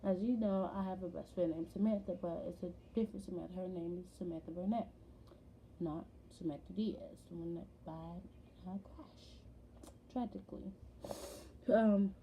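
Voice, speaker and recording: A woman's voice: on the low side, moderate pace, dark tone, a little hiss or hum, low-quality recording. A woman telling a personal story in a casual vlog, rambling and full of fillers. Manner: rambling, filler-heavy retelling. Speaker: vlogger.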